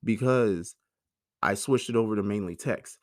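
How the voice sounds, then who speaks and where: A man in his thirties speaks at normal speed in a lowish, slightly mellow voice, hosting a candid, emotional monologue laced with profanity. The recording is dry and studio quality.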